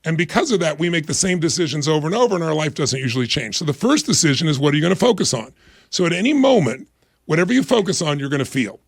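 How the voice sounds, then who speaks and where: Brief: fast-talking man in his sixties, gravelly voice, energetic interview guest, dry sound. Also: sits high, dry recording. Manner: energetic, emphatic, acts out quoted voices. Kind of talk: motivational interview talk.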